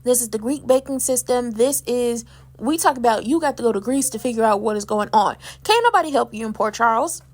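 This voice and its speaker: A woman's voice: fairly high pitch, animated, fairly quick, darkish tone. A woman hosting a casual soap opera recap, chatty and sassy, acting out the characters' lines in her own voice.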